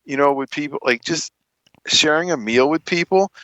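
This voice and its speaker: A man's voice: on the high side, moderate pace, a bit bright, no echo, muffled recording. A man in a casual chat, joking and talking in loose, rambling sentences.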